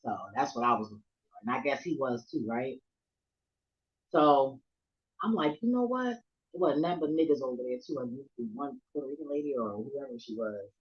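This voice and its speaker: Animated, profane woman vlogger, lo-fi. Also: rumbling low, fairly quick. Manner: animated, profane, laughs a lot, loudness swings from murmurs to near shouts. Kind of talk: casual storytelling rant to camera.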